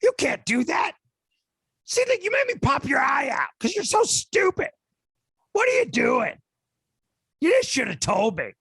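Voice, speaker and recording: A man's voice: huge pitch swings, unhurried, pauses often, no room sound, studio quality, full character voice. A man doing a screaming angry gangster. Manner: shouting, high-pitched, aggressive. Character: impression of a hot-headed gangster actor, angry man.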